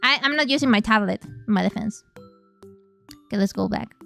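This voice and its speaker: A woman's voice: medium pitch, brisk, creaky, long pauses, fairly bright tone, faint music behind. A woman streamer who speaks natively, chatting casually and playfully on a live stream, swearing freely as she goes.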